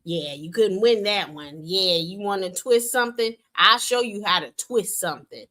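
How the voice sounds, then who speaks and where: A woman's voice: mid-range voice, normal speed, bright, forceful tone. A woman hosting a livestream, arguing with a guest in a sassy, dismissive, mocking way. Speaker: livestream show host. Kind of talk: heated livestream debate.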